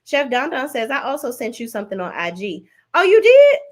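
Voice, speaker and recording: Casual streamer woman, animated, says y'all and child a lot, chatty and loose. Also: a little fast. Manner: animated, swoops high when thanking viewers; chatty, Southern-tinged slang like y'all and child. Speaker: live-stream host reading chat. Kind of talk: casual live-stream chat.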